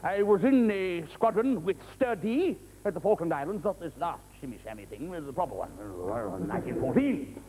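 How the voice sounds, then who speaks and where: A man's voice: a little high, big pitch swings, normal speed, few pauses, dark tone. A man doing a blustering old navy veteran. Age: older. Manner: rambling, fixated, blustering. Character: old retired male navy officer, blustering. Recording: noisy old TV tape.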